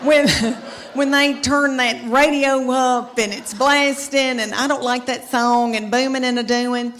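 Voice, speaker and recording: A woman's voice: sits high, fairly even intonation, a little slow, a bit bright, long reverb tail, a little hiss or hum. A middle-aged woman doing stand-up comedy, telling family stories in a chatty, drawling way. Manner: chatty storytelling with drawled asides. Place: comedy stage with live audience.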